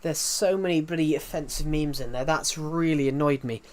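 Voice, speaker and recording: A man's voice: fairly high pitch, normal speed. A man, chatting casually to viewers on a live game stream, rambling and often restarting his sentences.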